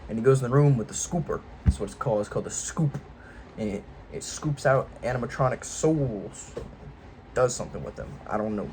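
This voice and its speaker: A man's voice: medium pitch, animated, a little fast, a little mellow, slight background noise, poor audio. A man casually retelling a game series' story in a rambling, offhand, irreverent way, full of loose jokey paraphrase. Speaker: video host.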